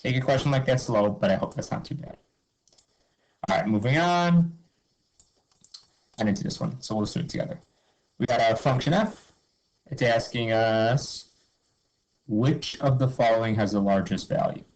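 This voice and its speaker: A man teaches a math review lesson in an upbeat, informal way, talking through each step, asking and answering his own questions, and saying "okay" and "cool" a lot. His medium-pitched voice has a darkish tone and a moderate pace with long pauses. The audio is poor.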